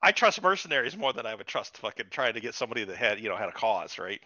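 A man's voice: on the low side, very animated, fast, pushed and bright, no room sound. Podcast host guy cussing a lot, dry close sound, kinda muffled. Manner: profane, ranting, exasperated. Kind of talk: casual chat. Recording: dull lo-fi recording.

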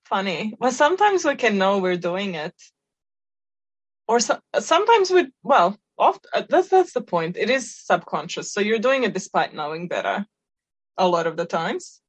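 A woman co-hosting a podcast, explaining her ideas in a relaxed, reflective way. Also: medium pitch, normal speed, slightly rough. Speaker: podcast co-host. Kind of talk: casual chat.

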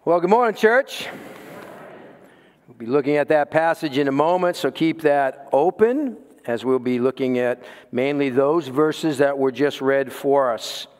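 A man's voice: mid-range voice, animated, a little slow, a little mellow. A man preaching as a pastor, telling a story and repeating key lines for emphasis. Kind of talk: sermon. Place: church sanctuary. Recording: reverberant church hall.

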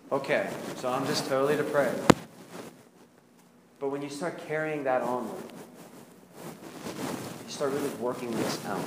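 Man preaching with a confessional tone in an echoey hall. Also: mid-range voice. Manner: confessional, asks the congregation rhetorical questions. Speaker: pastor. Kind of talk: conversational sermon. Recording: echoey hall with background noise.

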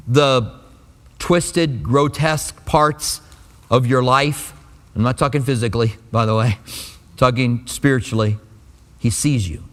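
A man preaching a sermon in a conversational way, slipping into quick acted quotes. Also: sits high, a bit bright. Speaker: pastor. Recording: long reverb of a large hall.

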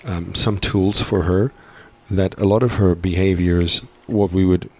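Man, very low voice, earnest podcast guest, thinks aloud. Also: fairly even intonation, a little slow, husky. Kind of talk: reflective conversational explanation.

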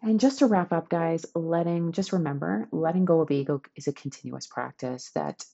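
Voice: medium pitch, normal speed, vocal fry, mellow, highs cut off. A podcast host giving a chatty, enthusiastic self-help talk to listeners.

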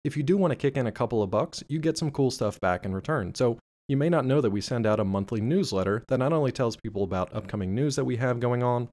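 A man's voice: mid-range voice, expressive, fast talker, a little mellow. A man with an Eastern Pennsylvania accent co-hosting a podcast, chatting casually in an upbeat, jokey, rambling way. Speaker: podcast co-host.

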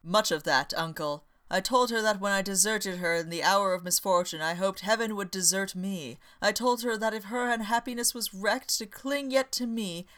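A woman voicing an earnest, devoted young gentleman who pleads dramatically. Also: mid-range voice, normal speed, hardly any pauses, lightly acted.

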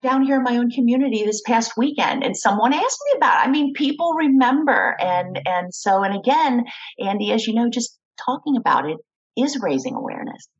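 A woman's voice: a little high, animated, fairly quick, breathy edge, dull audio. A middle-aged woman tells her personal story in an interview, acting out the voices of the people she quotes. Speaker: guest, kidney donor.

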